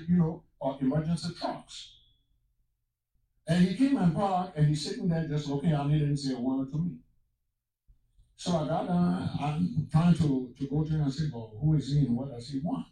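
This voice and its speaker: A man's voice: on the high side, warm tone, heavy reverb, recorded from a distance, rough recording. A man from Africa telling a personal testimony as a sermon, mixing storytelling with exclamations of praise. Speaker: preacher.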